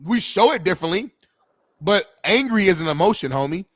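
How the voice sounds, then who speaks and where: A man's voice: high-pitched, animated, fairly quick, a bit bright, slightly rough. A man co-hosting a sports talk show, defending his opinions in a casual, profane way. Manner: defensive, casual, profane, calls people homie. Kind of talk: heated sports debate.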